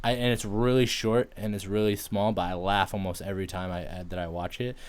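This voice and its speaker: A man on a casual movie podcast, talking in halting bursts full of "like" and restarts. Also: lowish voice, flat delivery, clear, resonant tone. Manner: halting, fillers, lots of "like". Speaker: podcast co-host.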